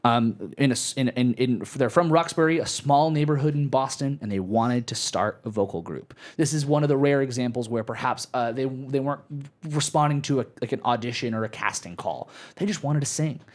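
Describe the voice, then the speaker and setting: A man's voice: mid-range voice, a little fast. A young adult man hosting a casual live podcast, rambling with restarts and fillers and cursing freely. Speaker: podcast host.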